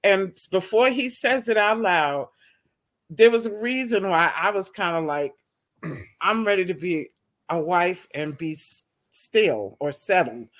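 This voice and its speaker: A woman's voice: fairly low pitch, expressive, a little slow. A middle-aged woman, a talk show guest, telling a story casually and animatedly, acting out quoted dialogue with laughs.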